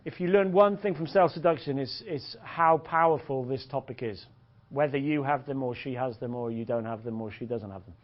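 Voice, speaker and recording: A man teaching a dating seminar in an animated, joking way, swearing and laughing often. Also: medium pitch, a little fast. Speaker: dating coach. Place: seminar room. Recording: dull lo-fi recording.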